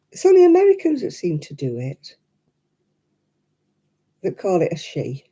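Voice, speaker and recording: A British woman chatting casually on her crafting livestream, mimicking people in high voices as she tells stories. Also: huge pitch swings, moderate pace, pauses often, warm tone. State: struggling with hand pain. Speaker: livestream host.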